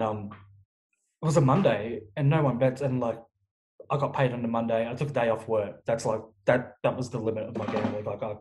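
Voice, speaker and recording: A man's voice: on the low side, darkish tone, rough recording. A young man talking frankly as an interview guest, swearing often and restarting his sentences. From Australia. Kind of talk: candid interview talk.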